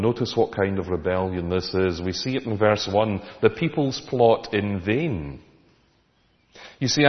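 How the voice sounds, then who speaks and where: A man preaching a sermon, emphatic and full of rhetorical questions to the congregation. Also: lowish voice. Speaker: pastor. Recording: echoey hall, dull lo-fi sound.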